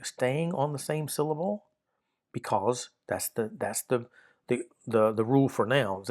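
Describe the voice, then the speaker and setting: A man's voice: medium pitch, a little mellow. A man teaching a grammar lesson in a methodical, step-by-step way, often repeating and restarting phrases as he works through examples.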